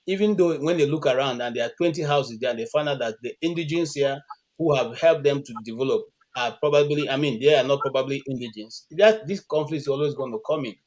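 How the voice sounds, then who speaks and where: A man's voice: mid-range voice, fast, darkish tone. A Nigerian man on an online panel call, making a point earnestly with many restarts and fillers. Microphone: video call.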